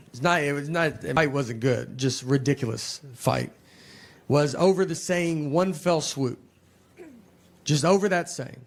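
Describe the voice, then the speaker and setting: A man in his forties performing stand-up comedy in a large theater, telling stories in a dry, deadpan way that climbs into exasperated rants. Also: moderate pace, a loud crowd, heavy background noise. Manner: dry, deadpan storytelling that rises into exasperated high-pitched rants. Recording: live theater recording with long hall reverb. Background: audience laughter.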